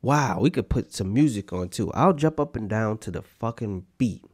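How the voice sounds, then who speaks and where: A man's voice: fairly low pitch, animated, normal speed, a little mellow. A young man co-hosting a comedy podcast, ranting crudely with mock fury and heavy swearing. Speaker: podcast co-host.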